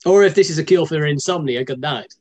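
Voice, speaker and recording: A man's voice: on the high side, fairly quick, a little mellow, breathy edge. Northern english guy rambling on his podcast, jokey, keeps correcting himself. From northern England. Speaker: podcast co-host. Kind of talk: casual podcast chat.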